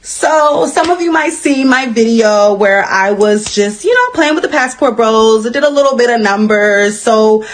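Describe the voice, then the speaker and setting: A woman's voice: fairly high pitch, expressive, normal speed, few pauses, soft background music. A young woman telling a story-time vlog in a chatty, dramatic way. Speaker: storyteller in a played clip.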